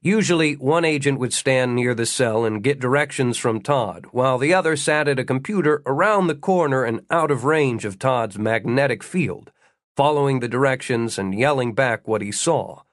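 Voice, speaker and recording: A man reading a novel aloud as an audiobook narrator, in measured, wry storytelling. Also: medium pitch, expressive, no room sound, clean studio sound. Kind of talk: scripted narration.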